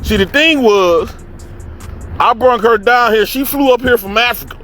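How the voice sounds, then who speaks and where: A man casually telling a profane, animated story and acting out the people he quotes. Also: very high voice, normal speed, faint music behind. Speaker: podcast host telling a story.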